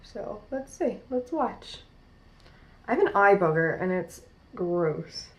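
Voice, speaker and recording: Slow-talking New Jersey woman vlogger. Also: mid-range voice, big pitch swings. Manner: chatty, rambling, many "like" fillers. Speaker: beauty vlogger. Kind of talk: casual makeup tutorial chat. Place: at home in front of a mirror.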